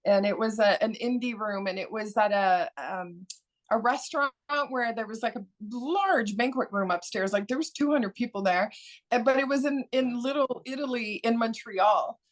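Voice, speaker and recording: A woman's voice: fairly high pitch, normal speed. A woman comedian hosting a podcast, candid and casual, asking eager questions and swearing freely.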